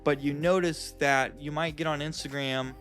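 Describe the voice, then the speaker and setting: A man's voice: a little high, fairly even intonation, normal speed, a bit bright, soft background music. A man giving blunt, casual advice straight to his viewers, calling them guys and bro. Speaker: self-help vlogger. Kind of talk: casual direct advice to camera.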